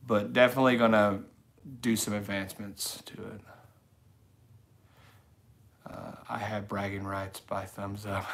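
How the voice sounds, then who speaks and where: A man's voice: mid-range voice, a bit bright. A man hosting a casual late-night livestream, rambling easily and reading viewers' chat messages aloud. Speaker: livestream host. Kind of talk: casual live-stream chat reading comments.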